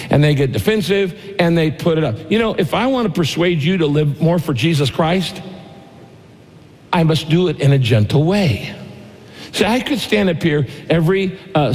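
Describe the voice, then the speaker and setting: A man's voice: on the high side, darkish tone. Man preaching in an echoing hall. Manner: emphatic, repeats key phrases, slows for scripture. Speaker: pastor. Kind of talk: sermon. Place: church auditorium. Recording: long reverb of a large hall.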